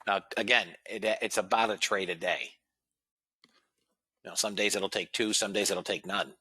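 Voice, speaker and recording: A man's voice: deep voice, steady tone, moderate pace, bright, forceful tone, breathy edge, no echo. A man hosting a live trading room, talking casually to viewers and reading out trade numbers. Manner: casual, talks to viewers as guys and fellas, reads out numbers.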